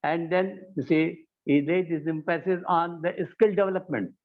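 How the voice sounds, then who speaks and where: Halting man, tinny sound. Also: a little high, steady tone. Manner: halting, repeats "you see" often, self-corrects. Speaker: conference speaker. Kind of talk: formal conference speech.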